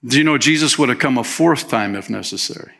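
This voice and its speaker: A man delivering a sermon in a church, his voice bright and forward. He talks to the congregation like friends, dropping in "man" and slipping into the voices of the people he quotes. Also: medium pitch, fast talker, gravelly. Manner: conversational preaching, peppered with "man", acts out quotes. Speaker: pastor.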